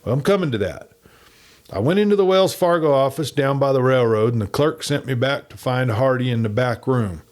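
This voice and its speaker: A man's voice: mid-range voice, expressive, brisk, pitched above the performer's own voice, close to an everyday voice. A man voicing a cocky outlaw messenger in folksy, ungrammatical frontier talk.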